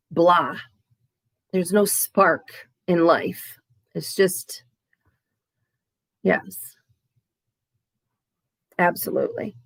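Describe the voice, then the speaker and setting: A woman vlogger speaking candidly and haltingly about her own recovery, with frequent restarts. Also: lowish voice, vocal fry, no echo. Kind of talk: candid, emotional to-camera talk.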